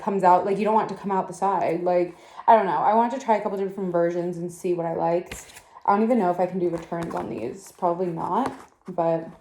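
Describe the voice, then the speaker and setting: A woman's voice: mid-range voice, a little mellow, a little hiss or hum. A young woman in her twenties chatting casually to camera for her vlog, filling her talk with "like". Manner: chatty, says "like" constantly. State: out of breath. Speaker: vlogger.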